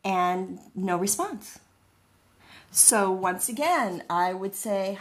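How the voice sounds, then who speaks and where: A woman's voice: lowish voice, lively intonation, takes it slowly. A middle-aged woman gives a friendly, explanatory lecture as a wellness educator. She talks casually and fills the lesson with everyday analogies, sometimes acting out little voices to make a point. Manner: chatty, acts out little voices in her analogies.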